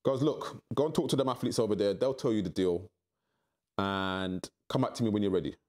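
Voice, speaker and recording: A middle-aged man telling his story candidly in an interview, acting out quoted voices with big jumps in pitch. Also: a little fast, a little mellow. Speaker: interview guest.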